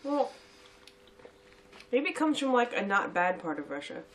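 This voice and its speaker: A woman chatting casually as co-host of a sweets-tasting video, talkative and quick to laugh. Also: a little high, very animated, a little hiss or hum. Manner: chatty and giggly, reads labels aloud. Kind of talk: casual chat.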